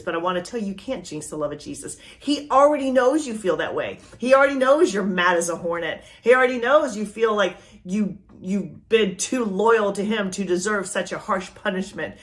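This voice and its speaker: This faith podcast host is a middle-aged woman working as a life coach, speaking at a medium pitch. Her motivational talk shifts from loud, pressing encouragement to a quiet near-whisper.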